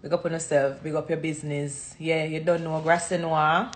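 A woman's voice: low-pitched, flat delivery, moderate pace, roomy sound. A Jamaican woman hosting a casual livestream chat, talking freely and slipping into patois. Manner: chatty, slips into patois. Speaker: livestream host.

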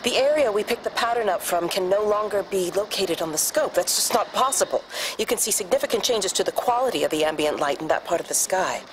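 A woman voicing a puzzled scientist in a game, speaking in a measured, uneasy way. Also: medium pitch, animated, a little hiss or hum, close to an everyday voice, low-quality recording. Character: puzzled woman scientist reporting sky readings. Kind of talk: scripted game dialogue.

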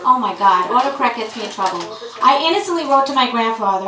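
A woman's voice: a little high, expressive, fast talker, pushed and bright. A woman, doing a brash, crude, conversational stand-up set in a comedy club. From Brooklyn, New York. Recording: roomy club from a distant mic, noisy.

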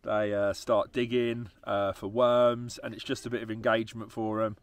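A man's voice: on the low side, flat delivery, normal speed, dry recording. A young man from England with an English accent, talking casually and laughing often as he speaks straight to his viewers. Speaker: travel vlogger. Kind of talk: casual vlog chat.

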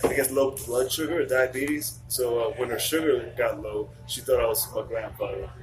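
A man's voice: mid-range voice, fairly even intonation, moderate pace. A man hosting a podcast in casual chat, blunt and profane as he tells stories. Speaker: podcast host. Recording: echoey room, distant mic, noisy.

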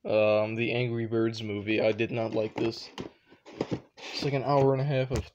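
A young man rambles offhand at home, shrugging off half his own remarks with little asides. His voice sits at an ordinary middle pitch. A steady hiss and handling clicks run under the recording. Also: normal speed, muffled recording. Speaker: vlogger. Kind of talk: casual offhand commentary. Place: home room with shelves.

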